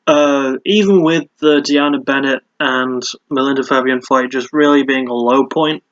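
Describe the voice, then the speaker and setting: A man's voice: medium pitch, fairly even intonation, moderate pace, highs cut off. A man hosting a casual solo fight review, chatty and prone to repeating words and restarting sentences.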